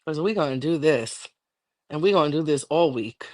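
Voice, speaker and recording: A woman's voice: sits low, animated, moderate pace. A middle-aged woman on a livestream, ranting angrily and defiantly with constant swearing. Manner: angry, defiant, profane. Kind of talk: heated livestream rant.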